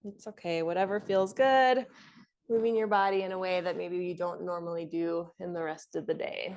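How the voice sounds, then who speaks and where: Calm woman guiding a yoga class. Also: fairly low pitch, moderate pace, slight background noise. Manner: calm, encouraging cues with soft laughs. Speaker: yoga instructor. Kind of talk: guided yoga class instruction.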